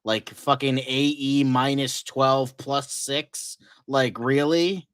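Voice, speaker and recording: A man's voice: mid-range voice, little pitch movement, slow, fairly bright tone, clear, resonant tone, dry recording. Ranting, profane man on a dry mic. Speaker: co-host. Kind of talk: casual podcast chat.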